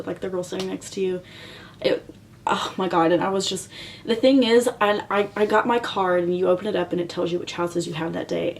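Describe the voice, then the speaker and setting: A woman's voice: mid-range voice, slight background noise. A young woman telling a personal story to camera in a chatty way, full of fillers and emotional retelling. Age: young adult. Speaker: vlogger.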